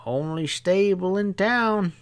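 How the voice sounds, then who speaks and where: A sly, placid young stableman, put on by a male audiobook narrator, drawls every word slowly, as if he has all day. His voice sits a touch higher than a plain man's speech and sounds set back from the mic. He comes across as unhurried and cocky. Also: clear, resonant tone.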